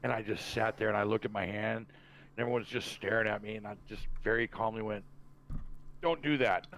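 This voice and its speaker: A man's voice: on the low side, flat delivery, fast talker, gravelly, fairly bright tone, a little hiss or hum, rough recording. A man who works as a chef, chatting casually on a podcast in a laid-back way, swearing and laughing often.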